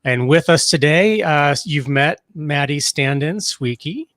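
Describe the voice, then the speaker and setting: A man hosting a live developer stream over a video call, jokey and relaxed. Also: on the high side, moderate pace, no echo, clean studio sound. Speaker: host. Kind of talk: casual live-stream chat.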